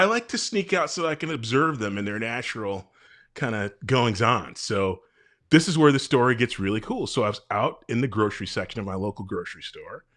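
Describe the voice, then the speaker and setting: A man, a podcast co-host, telling a comedic story and acting out the people in it. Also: mid-range voice. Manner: animated joke-telling, acts out quotes.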